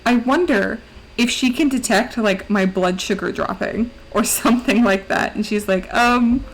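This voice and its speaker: A woman's voice: mid-range voice, moderate pace, a little hiss or hum, low-quality recording. A woman streamer chatting casually and giggling, often baby-talking to her dog. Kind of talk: casual chat.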